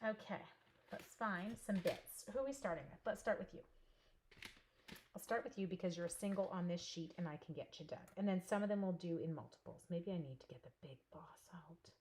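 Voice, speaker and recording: A woman's voice: lowish voice, brisk, a little mellow. Chatty Canadian woman hosting a crafting stream. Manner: chatty, talks to herself while working, giggly. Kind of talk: live crafting class chat.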